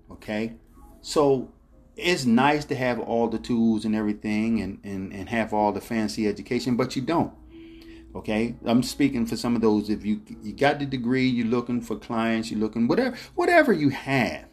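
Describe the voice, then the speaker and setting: Over soft background music, a middle-aged man with a fairly low, lively voice spins a meandering tale at normal speed. This travel vlogger chuckles, repeats himself, and calls out to his audience as "ladies and gentlemen."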